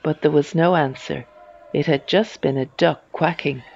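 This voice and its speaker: A reader telling a children's storybook in a slow, even storytelling manner. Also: medium pitch, gravelly, slightly rough, dull audio.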